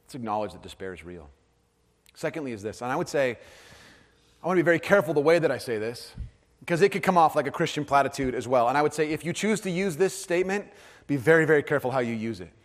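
Earnest pastor preaching in a reverberant hall. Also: male voice, medium pitch, quick pace. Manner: earnest, swings from hushed to animated storytelling. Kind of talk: sermon.

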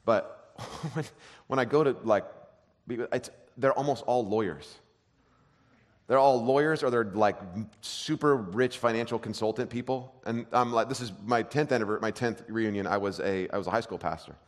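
A pastor in his thirties giving an animated sermon full of self-deprecating stories. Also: medium pitch, normal speed, big-room sound.

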